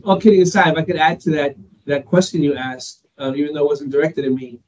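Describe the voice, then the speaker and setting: A man's voice: a little high, steady tone, quick pace, lo-fi sound. A man speaking earnestly and articulately in a radio interview, giving formal praise of a colleague. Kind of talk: interview talk.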